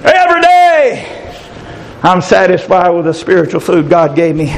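A man's voice: fairly high pitch, steady tone, brisk, gravelly. A middle-aged man, preaching a folksy, fervent sermon and calling out to listeners by name.

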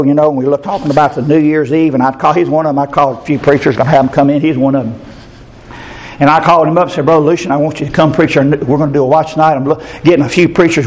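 Older pastor, man, fervent sermon delivery, slightly high voice, shouting peaks.

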